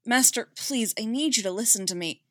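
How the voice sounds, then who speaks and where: A woman's voice: a little high, pushed and bright, no echo, clean studio sound, pitched above the performer's own voice. A woman reading the lines of an anxious, eager young male Jedi who speaks in a hurry in a fan audiobook. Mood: worried. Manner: hurried and pleading.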